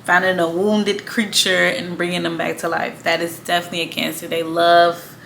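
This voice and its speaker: A woman's voice: lowish voice, flat delivery, normal speed, vocal fry, a bit bright, a little hiss or hum. A woman talking casually to camera, blunt and slangy, swearing freely and laughing between points. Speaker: astrology vlogger. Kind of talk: casual monologue.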